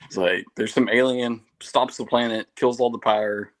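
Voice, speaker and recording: A man's voice: mid-range voice, steady tone, moderate pace, a little hiss or hum, low-quality recording. A man co-hosting a podcast, teasing his friends and laughing often. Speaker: podcast co-host. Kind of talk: casual chat.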